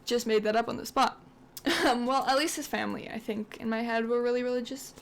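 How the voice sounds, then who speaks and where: A woman's voice: on the high side, steady tone, brisk, gravelly. A woman hosting a gaming channel, casually retelling her game's story in a chatty, rambling way with lots of "like".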